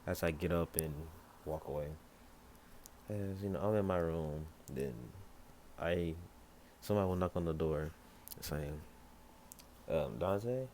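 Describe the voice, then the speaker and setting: A man's voice: deep voice, fairly even intonation, unhurried, long pauses, a little mellow, a little hiss or hum. A man narrating an improvised fan story in casual, rambling fashion, with many fillers and restarts.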